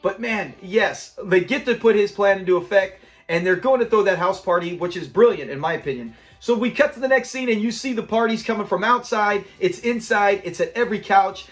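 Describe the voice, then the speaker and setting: A man's voice: sits high, a little fast, few pauses. A man hosting an episode breakdown, talking enthusiastically and acting out quoted lines. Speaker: channel host.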